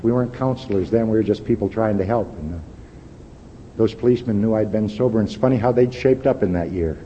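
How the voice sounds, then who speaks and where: A man in his fifties tells his own story at a recovery meeting in a folksy, earnest way, sometimes sinking to a quiet, intense hush. His voice is mellow and dark. The recording is muffled and lo-fi, with a long hall echo and faint hiss behind it. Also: medium pitch. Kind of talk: personal testimony talk.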